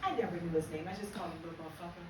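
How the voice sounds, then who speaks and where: A woman's voice: lowish voice, racing. An older American woman doing a brash, profane stand-up comedy set at a live venue. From United States. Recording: echoey room, far from the mic, noisy.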